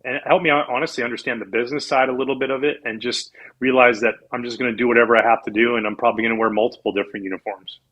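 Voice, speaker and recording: Ex-pro athlete guest, 40s, husky, animated storyteller. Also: male voice, mid-range voice, rapid-fire, hardly any pauses, highs cut off. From Canada. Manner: animated storyteller, acts out quoted people. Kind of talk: casual storytelling interview.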